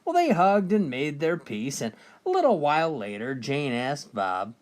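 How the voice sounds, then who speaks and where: A joke teller reading jokes aloud in a brisk storytelling manner, often opening lines with "well". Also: medium pitch, sing-song, darkish tone.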